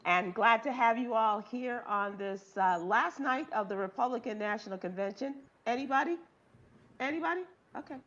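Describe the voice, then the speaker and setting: A woman's voice: medium pitch, moderate pace, few pauses, fairly bright tone, muffled recording. A woman hosting a live talk show who welcomes guests and laughs along with their jokes. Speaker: host.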